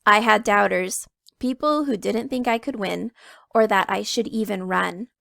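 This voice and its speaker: A woman reading a picture book aloud to children, telling it in the first person with expressive emphasis. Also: medium pitch, a little slow, gravelly, no room sound, studio quality. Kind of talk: read-aloud storytelling.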